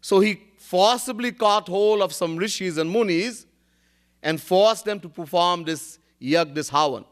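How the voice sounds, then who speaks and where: A man's voice: high voice, measured pace. A man, a spiritual teacher giving a devotional discourse, telling stories, chanting Sanskrit verses and often laughing.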